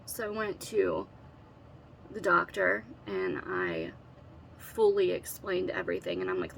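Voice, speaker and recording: A woman's voice: fairly low pitch, huge pitch swings, unhurried, gravelly, a bit bright, slight background noise. A middle-aged woman telling her own story, earnest and emotional, holding back tears as she halts and restarts. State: tearful, holding back crying. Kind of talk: personal storytelling to camera.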